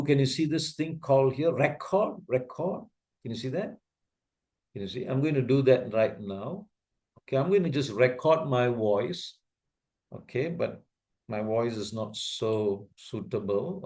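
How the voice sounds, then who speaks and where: Slow, patient man teaching software. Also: medium pitch. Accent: Asian English. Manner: patient, repeats checks like "can you see that?". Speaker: trainer teaching video editing. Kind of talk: slow step-by-step software tutorial.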